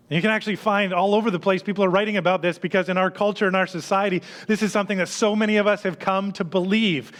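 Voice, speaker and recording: A man's voice: high voice, fast talker. A male pastor preaching a sermon in a conversational, self-deprecating storytelling manner.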